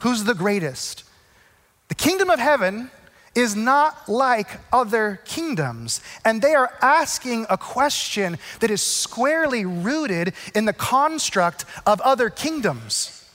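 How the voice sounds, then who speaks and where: A man preaching a sermon in a conversational, animated way, often checking in with the congregation. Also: very high voice, slow, big-room sound. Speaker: pastor.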